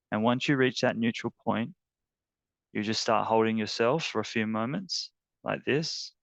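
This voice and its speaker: A man teaching an emotional tapping technique, talking in a halting, earnest way with many fillers. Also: on the low side, vocal fry, fairly bright tone, no room sound. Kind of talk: guided tapping demonstration.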